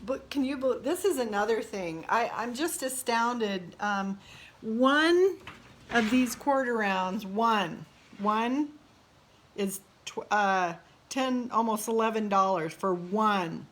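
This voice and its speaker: A woman's voice: on the high side, expressive, takes it slowly. A middle-aged woman talking casually to her phone camera during a home remodel, tired and burnt out, rambling with frequent laughs and exasperated asides. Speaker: realtor remodeling her own house. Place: house under renovation, indoors. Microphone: phone camera held by speaker.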